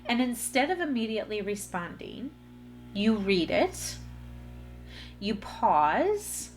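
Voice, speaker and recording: A woman's voice: fairly high pitch, big pitch swings, slow pace, faint music behind. A woman hosting a solo podcast, talking earnestly in a coaching way straight to her listeners. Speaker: podcast host. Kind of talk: solo motivational podcast talk.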